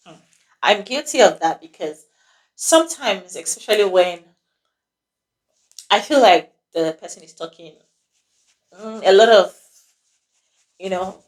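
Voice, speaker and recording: A woman with a mid-range voice hosts a casual advice talk about relationships. She halts often with many "um"s and keeps checking in with "okay?".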